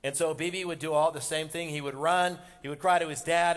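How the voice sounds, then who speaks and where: A man, a pastor, preaching a sermon and rising in loudness and intensity as he drives his points home. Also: on the high side, steady tone, brisk. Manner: impassioned, rising loud on the father's words. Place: church sanctuary. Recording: long hall reverb from a church sanctuary.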